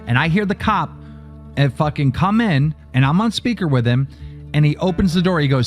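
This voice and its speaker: A man's voice: on the high side, animated, moderate pace, soft background music. A man telling a heated story in a profane, agitated way, acting out both sides of a phone call. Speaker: streamer recounting a phone call.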